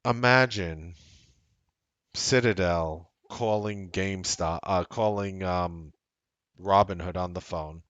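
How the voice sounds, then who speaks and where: A man's voice: low voice, takes it slowly, no room sound, highs cut off. A man hosting a trading show, giving casual, rambling market commentary with blunt language. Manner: animated, rambling, blunt with profanity.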